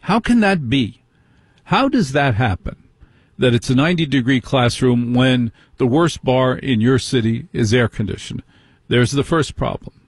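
A middle-aged male talk radio host with a husky voice and a dry, close sound. He talks in an indignant way and keeps firing rhetorical questions at his listeners. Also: mid-range voice, animated, moderate pace, no echo. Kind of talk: call-in talk radio monologue.

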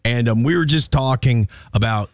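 A man's voice: mid-range voice, normal speed, no echo, studio quality. A man hosting a morning radio show, teasing his co-hosts in casual, playful banter. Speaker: radio host. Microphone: studio microphone.

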